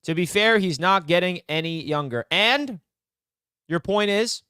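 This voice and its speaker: A man's voice: sits high, measured pace, sharp tone, clean tone, no room sound, clean studio sound. A young man hosting a live sports talk stream, fired up and emphatic as he banters with fans. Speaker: sports channel host.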